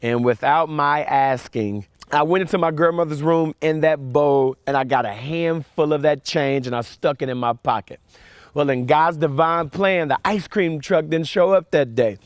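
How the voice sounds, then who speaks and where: A man giving a storytelling sermon to young listeners, animated with fillers and repeats, dropping soft and quiet for reflection. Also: fairly high pitch, moderate pace, clear, resonant tone, no echo, clean studio sound. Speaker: camp speaker.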